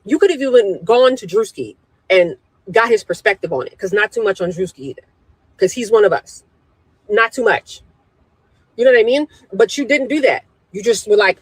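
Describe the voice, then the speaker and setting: A man's voice: high-pitched, no room sound, rough recording. A man vents in indignant social media commentary, circling back to the same points again and again. The recording is dry, with no room sound. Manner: indignant, repetitive.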